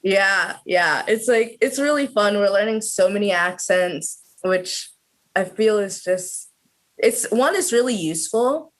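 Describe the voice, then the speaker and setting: A woman's voice: medium pitch, expressive, measured pace. A woman of about twenty, a student guest on a video call, chatting casually with lots of "like" fillers. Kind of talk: casual interview chat.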